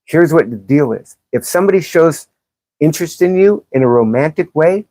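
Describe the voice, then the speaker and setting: A woman's voice: sits low, animated, moderate pace, warm tone, no room sound. A woman hosting a livestream, reading chat comments and answering them in a blunt, profane, sarcastic way. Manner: combative, sarcastic, calls out commenters. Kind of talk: live-stream commentary.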